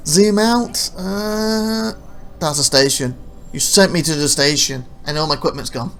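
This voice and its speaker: A man's voice: on the high side, a little slow, a bit bright, a little hiss or hum. A man narrating his own gameplay footage as a let's play, rambling through anecdotes with frequent restarts. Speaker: gameplay commentator.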